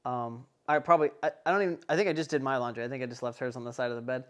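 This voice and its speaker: A young man hosting a casual podcast, telling a story in an animated, rambling way full of swearing and fillers. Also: mid-range voice, racing, clear, resonant tone. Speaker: podcast host.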